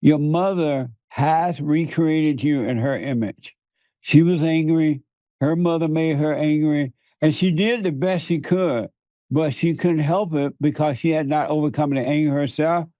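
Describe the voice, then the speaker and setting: A man's voice: on the high side, a little slow, dark tone, no room sound. A man preaching to his interviewer in an emphatic, repetitive way, laughing often. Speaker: guest.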